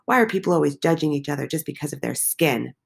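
A woman's voice: low voice, lively intonation, fast talker, gravelly, husky, exaggerated voice. A woman reading the lines of a drunk, troubled man in a bar, taken from a student's script. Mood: pleading. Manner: read plainly from a student's script.

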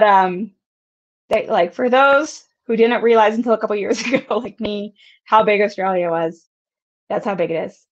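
A woman's voice: on the high side, highs cut off. A woman hosting a casual whiskey livestream, rambling with lots of giggles and casual swearing. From United States. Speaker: whiskey channel host.

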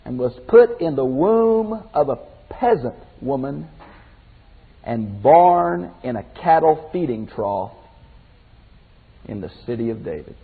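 Older male Bible teacher, husky and folksy, tinny phone-like sound in a reverberant hall. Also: mid-range voice, slow. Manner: folksy, animated, shifts from loud exclamations to quiet emphasis. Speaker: pastor teacher.

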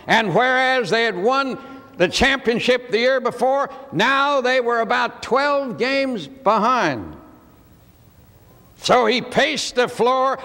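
A man preaching a sermon, telling a story in a folksy way with dramatic pauses. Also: extremely high pitch, a bit bright. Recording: archival sermon with long hall reverb.

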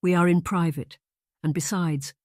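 A man doing a young nobleman in an audiobook who speaks slowly, softly and low. He is gentle but quietly insistent. The sound is dry and close. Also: steady tone, dry recording, natural voice. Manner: slow, soft, low-spoken. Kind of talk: audiobook character voice.

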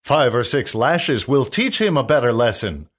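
A man reading a storybook plays a cruel, scheming nobleman. The manner is cold and mocking, a touch louder than the reader's narration. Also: medium pitch, very animated, normal speed.

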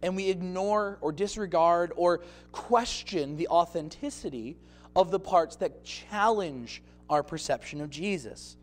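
Male pastor, expressive sermon delivery with acted-out scenes, higher voice. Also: unhurried.

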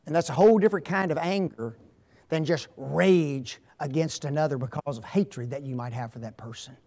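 High-voiced man giving a seminar talk. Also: moderate pace, dark tone. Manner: asks fill-in-the-blank questions. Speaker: guest speaker. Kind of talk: marriage seminar lecture.

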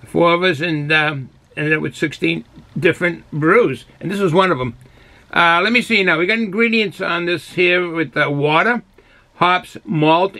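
A man's voice: on the high side, bright, forceful tone. A man casually reviewing a beer on his own channel, rambling and correcting himself as he goes. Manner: rambling, self-correcting, chatty.

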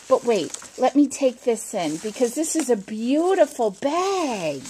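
Unhurried, excitable middle-aged woman crafting vlogger, high and very lively voice, gushing. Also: slight background noise. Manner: gushing and excitable, with squeals of delight. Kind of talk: casual unboxing chat to camera.

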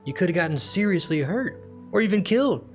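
A man's voice: high voice, lively intonation, a little fast, a little mellow, soft background music, voice pushed up. A man reading aloud as a tough-talking male gangster club manager, with a drawling, streetwise delivery. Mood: gruff, protective. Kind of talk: reading game dialogue aloud.

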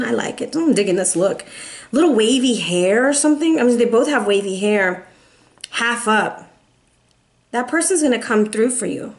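A woman's voice: on the high side, expressive, moderate pace. Chatty, encouraging woman reading tarot. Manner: chatty, encouraging, calls viewers baby. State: emotional, close to tears. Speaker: tarot reader. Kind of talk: casual tarot reading to camera.

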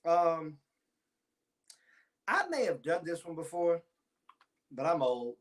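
A man's voice: on the high side, sing-song, slow. A man, chatting to viewers on a church livestream and telling a childhood story. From Timpson, Texas. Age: 40s. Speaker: pastor. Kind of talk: casual livestream talk to viewers.

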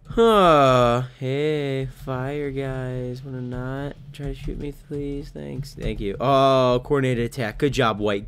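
A young man giving excitable live commentary over his own gameplay, cheering and yelping at what happens on screen. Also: mid-range voice, unhurried, smooth. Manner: excitable, yelps and laughs at game events. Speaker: gaming channel host.

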